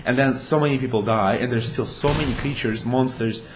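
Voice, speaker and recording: Man, mid pitch, casual game commentator, playful and rambling, light noise. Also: fairly quick. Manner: chatty and playful, makes goofy sound effects. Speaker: gameplay commentator. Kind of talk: casual let's-play commentary.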